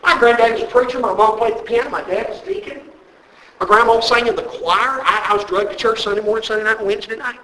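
A male preacher with a very high, bright voice delivers an emphatic sermon full of repetition and rhetorical questions. His voice rings through a roomy church sanctuary with plenty of echo. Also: fast talker.

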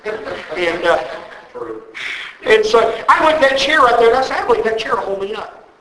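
A man's voice: very high-pitched, animated, moderate pace, a crowd in the background. A man preaching a sermon in a church, emphatic and repetitive, often asking his listeners rhetorical questions. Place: church sanctuary. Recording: roomy church echo.

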